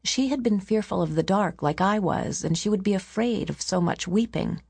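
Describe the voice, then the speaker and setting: A woman narrating an audiobook in a measured storytelling manner. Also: mid-range voice, gravelly, darkish tone, slightly rough, dry recording.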